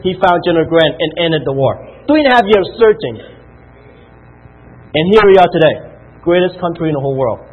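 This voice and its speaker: A man delivers an animated motivational talk to his business team, repeating himself and firing off rhetorical questions. His voice is husky and sits a little high. The recording is thin and tinny, like a phone line.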